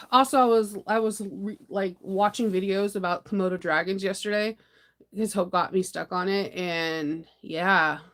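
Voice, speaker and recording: A woman from the US hosting a sewing channel, chatting casually on a morning live stream in a rambling, animated way, laughing often and breaking into dramatic outbursts. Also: mid-range voice, a little slow.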